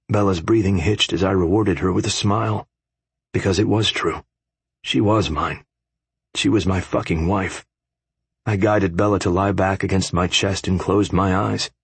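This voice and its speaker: Male audiobook narrator, gravelly and husky, hushed and measured first-person read. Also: low-pitched, no room sound.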